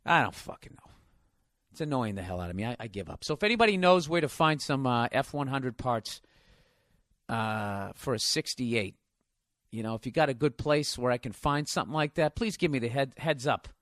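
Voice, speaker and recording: A man's voice: medium pitch, lively intonation, normal speed, a bit bright, dry recording, studio quality. Profane rambling man in his forties. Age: 40s. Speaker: podcast host. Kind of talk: casual monologue.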